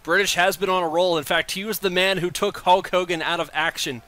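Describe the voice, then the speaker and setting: A man doing casual play-by-play commentary on a wrestling video game, excitable and quick to laugh. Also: sits high. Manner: excitable, laughs often, stumbles over numbers.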